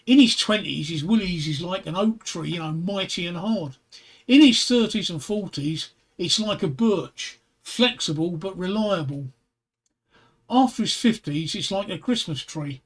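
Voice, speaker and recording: Joke mother, calm and smiling, voiced by a man. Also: sits high, a little slow, exaggerated voice. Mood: amused. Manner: smiling, matter-of-fact joke delivery. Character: mother answering her daughter.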